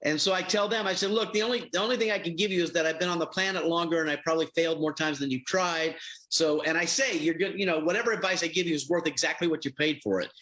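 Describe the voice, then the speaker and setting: A man's voice: a little high, fast, a bit bright, poor audio. A middle-aged man, a TV host, answering interview questions as an affable storyteller. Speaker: reality show host.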